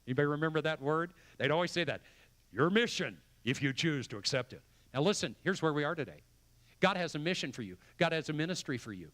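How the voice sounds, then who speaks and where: An older man preaches to his church in a fairly high-pitched voice. He pushes hard on repeated phrases and lets his excitement build. It sounds like a pastor calling his people to a mission. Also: clear, resonant tone. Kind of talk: sermon. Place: church sanctuary.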